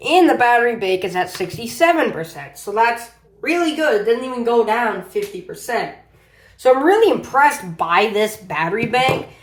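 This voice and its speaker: A man casually reviewing a power bank on his channel, rambling and often repeating himself as he talks through the tests. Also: high voice. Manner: rambling, repeats "as you can see". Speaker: tech reviewer. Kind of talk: casual product review vlog.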